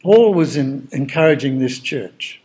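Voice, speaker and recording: A man's voice: medium pitch, expressive, a little slow, a little mellow, poor audio. A man preaching a sermon in a conversational, storytelling way, acting out the dialogue of the people he describes. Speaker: pastor.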